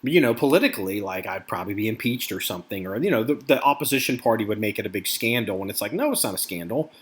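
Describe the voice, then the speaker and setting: A man's voice: lowish voice, rapid-fire. A middle-aged American man hosting a podcast, ranting in a casual, profane way about current events. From United States. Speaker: podcast host.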